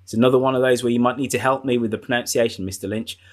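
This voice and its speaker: A man's voice: medium pitch, fairly even intonation, very fast. A man hosting a live quiz on a video call, reading out answer options and joking with guests. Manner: jokey, reads options aloud with repetition. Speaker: quiz host.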